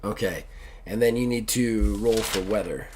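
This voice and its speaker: A man's voice: fairly low pitch, normal speed, a little mellow, slight background noise. A man narrating his turn in a tabletop game, describing a scene loosely with many fillers and restarts. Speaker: player. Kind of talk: actual play of a journaling tabletop game.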